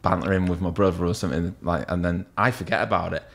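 A man's voice: deep voice, fairly even intonation, quick pace, creaky, a bit bright. A man, a tattoo artist who is a podcast guest, chatting casually and candidly, swearing freely as he rambles. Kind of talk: casual chat.

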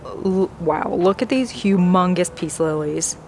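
In the garden section of a big box store, a woman films an excited plant-shopping vlog, gasping happily and slipping into awed whispers. She speaks at a measured pace in a low-leaning, slightly mellow voice, with a bit of noise behind her.

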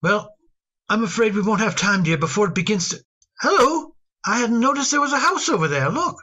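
A woman voicing a gentle, fond middle-aged father in a radio drama, hesitant and given to repeating words. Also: mid-range voice, lively intonation, fairly quick, husky, dull audio. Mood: uneasy.

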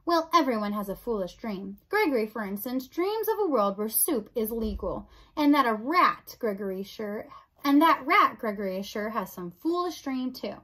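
A woman voicing an odd old male jailer who talks in gruff, clipped phrases. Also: a little high, very animated, normal speed, a bit bright.

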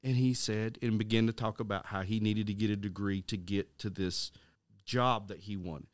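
A middle-aged man co-hosting a casual Christian podcast, telling a story with halting restarts and acting out the voices of the people in it. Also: lowish voice, steady tone, no echo, studio quality. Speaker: podcast co-host.

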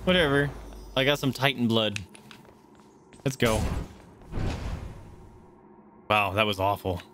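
A young man giving let's play commentary, excitable, yelping and swearing as he plays. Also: on the low side, slow pace, a little hiss or hum. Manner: excitable, yelps and swears while playing. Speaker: gamer. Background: loud game music.

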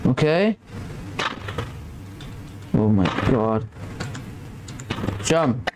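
A man's voice: mid-range voice, lively intonation, drawn-out words. A man talking over a horror game, jittery and scared, rambling and repeating himself. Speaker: gameplay commentator. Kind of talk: gameplay commentary. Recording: noisy background.

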